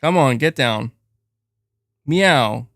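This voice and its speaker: At a moderate pace, a man with a mid-range voice chats loosely on his casual gaming livestream, speaking close to a desk mic with no echo. He often interrupts himself to coax his cat.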